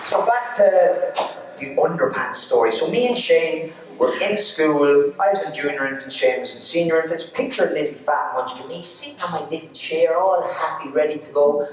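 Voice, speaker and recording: An Irish man doing live stand-up storytelling in an arts centre, animated and laughing at his own jokes. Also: a little high, normal speed, slight background noise. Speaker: stand-up comedian. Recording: echoey hall, distant mic.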